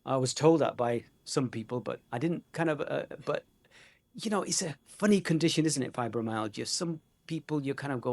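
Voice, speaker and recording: A man's voice: mid-range voice, fairly quick, darkish tone. A man giving a conversational, joking medical conference lecture, with many fillers. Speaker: conference speaker.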